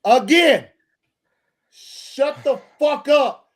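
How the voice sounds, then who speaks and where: A man's voice: very high-pitched, expressive, extremely slow. A man co-hosting a sports podcast, ranting in a heated, profane way with many stammered restarts. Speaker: podcast co-host. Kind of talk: casual sports podcast rant.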